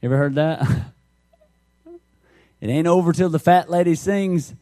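A man's voice: a little high, normal speed, warm tone. A middle-aged man, preaching a conversational sermon through folksy stories and jokes. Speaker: pastor.

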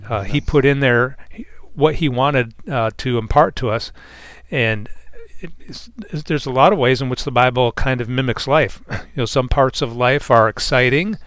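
A man's voice: medium pitch, moderate pace, few pauses, fairly bright tone, no room sound. A man on a Bible discussion panel speaking earnestly and reflectively, often repeating words as he gathers his thoughts.

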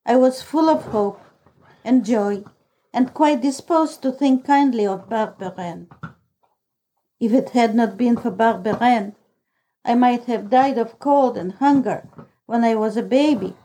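Slow, mellow woman reading a story. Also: fairly high pitch, rough recording. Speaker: audiobook reader. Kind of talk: scripted storybook narration.

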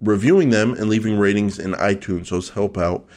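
A man's voice: on the low side, normal speed, darkish tone. A man hosting a podcast in casual chat, teasing his co-host and joking around. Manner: joking, teasing, loose and chatty.

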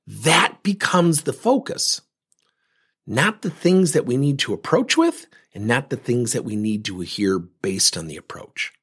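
Male coach host, husky voice with a swinging pitch, animated solo talk. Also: unhurried. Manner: animated, rhetorical questions, acts out quoted voices. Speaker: leadership coach and podcast host.

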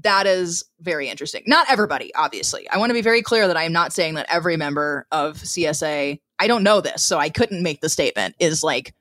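A woman's voice: low-pitched, lively intonation, fast talker, hardly any pauses, a bit bright, no echo. A woman with a Missouri accent co-hosting a podcast, making wry, dry quips and hedging her points carefully. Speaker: podcast co-host. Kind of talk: casual podcast chat.

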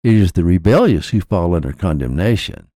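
A man with a low, mellow voice narrates a scripted scripture lesson. His pitch rises and falls widely as he sets out each point in measured, declarative sentences. The sound is close and dry. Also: very animated, no room sound. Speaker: podcast narrator. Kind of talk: scripted religious teaching.

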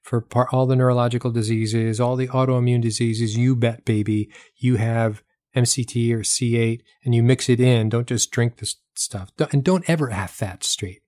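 A man's voice: mid-range voice, steady tone, moderate pace, darkish tone, no room sound. Emphatic man with a dry, close sound. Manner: emphatic, repeats points for effect, rhetorical questions. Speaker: health talk host selling products. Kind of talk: casual explanatory talk.

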